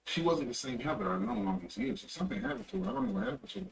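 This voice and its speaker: A man's voice: high voice, huge pitch swings, rapid-fire, gravelly. A young man livestreaming, telling a rambling story in a loose, casual way and correcting himself as he goes. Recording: distant mic with faint ambient noise.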